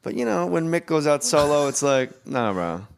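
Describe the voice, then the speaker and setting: A man hosting a podcast in casual chat, throwing in quick gags and cutting in on his guest. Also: a little high, gravelly, clear, resonant tone. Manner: jokey, throws in quick gags and mock accents. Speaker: podcast host.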